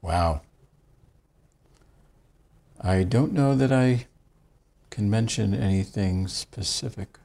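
An American man with a voice on the lower side talks as a guest in a relaxed interview. He is a rabbi who tells anecdotes with dry, self-deprecating humor and lively emphasis. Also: takes it slowly, vocal fry, long pauses. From United States. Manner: wry, self-deprecating humor, animated storytelling. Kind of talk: casual conversational interview.

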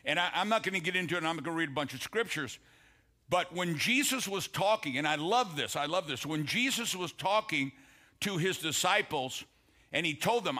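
A pastor preaching a sermon, slowing down for emphasis and asking the congregation for an amen. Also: male voice, on the high side, animated, pushed and bright. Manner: preaching, asks congregation "Amen?", quotes scripture with emphatic slowed phrases.

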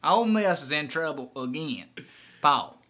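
A man putting on a Southern accent to play a loud Alabama football fan calling a radio show. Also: fairly high pitch, big pitch swings, unhurried, full character voice. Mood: rowdy. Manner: shouty, drawling, keeps repeating the host's name.

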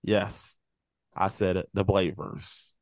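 A man in casual group chat, telling a story in an animated way and acting out loud, profane bits. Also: sits low, slow. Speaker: podcast panelist.

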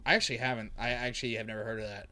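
A man's voice: mid-range voice, fairly even intonation, very fast, bright, forceful tone. A man co-hosting a podcast, chatting casually about a comic with wry, laughing asides. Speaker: podcast co-host.

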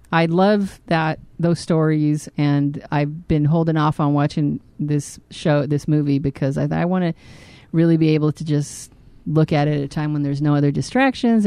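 A woman co-hosting a casual comedy podcast, telling a story in a profane, animated way. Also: low voice, no room sound. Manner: profane, animated storytelling with big vocal swings. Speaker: podcast co-host.

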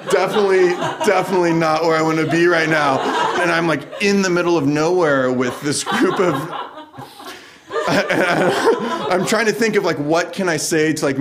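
An American man telling a personal story in a casual, loose way, often breaking into laughter. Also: fairly high pitch. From United States. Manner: casual, laughs through the funny parts. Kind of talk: personal story told live.

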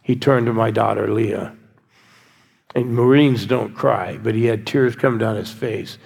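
A man's voice: fairly low pitch, a little slow, vocal fry, darkish tone, husky. An older man preaching a sermon, coaxing his congregation to answer back and cheer. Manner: exhorting, coaxing a congregation with call-and-response. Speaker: pastor. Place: large church hall. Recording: church hall with long reverb.

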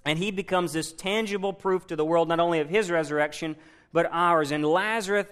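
His sermon feels like a conversation: a man recounts a Bible story and asks the congregation questions along the way. He speaks a little fast in a slightly high voice with a fairly bright, clean tone.

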